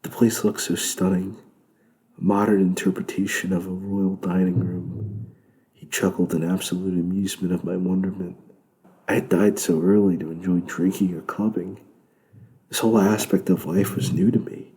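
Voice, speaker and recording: A man narrating a novel in the first person with plain, steady reading. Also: sits low, normal speed, poor audio. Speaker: audiobook narrator.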